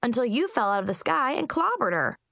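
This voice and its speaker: A woman's voice: a little high, very animated, a little fast, vocal fry, fairly bright tone, dry recording, studio quality, voice pushed up, exaggerated voice. A woman voicing a snack-munching Munchkin schoolboy who explains things matter-of-factly in a storybook reading. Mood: explaining.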